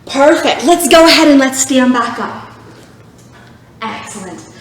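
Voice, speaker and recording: A woman's voice: high voice, animated, unhurried. A woman leading a children's yoga class, cheerful and encouraging, making animal sounds to guide the poses. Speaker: youth yoga instructor. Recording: very echoey room.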